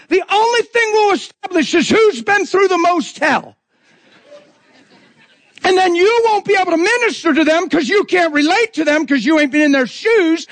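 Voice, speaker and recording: A man's voice: very high-pitched, fairly bright tone, no room sound. A man preaching a sermon in an intense, conversational way, acting out quotes as he goes.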